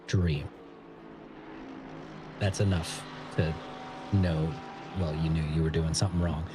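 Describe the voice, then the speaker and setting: A man's voice: rumbling low, steady tone, slow pace, noisy background. An American man co-commentating on a live sim racing stream, laid-back and analytical, laughing often. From United States.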